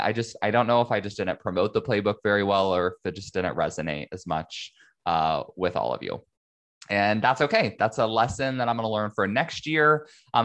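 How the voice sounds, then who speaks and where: Chatty low-voiced man hosting a podcast. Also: a bit bright. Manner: chatty, filler-heavy, upbeat and conversational. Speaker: podcast host, business educator. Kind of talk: casual solo podcast monologue.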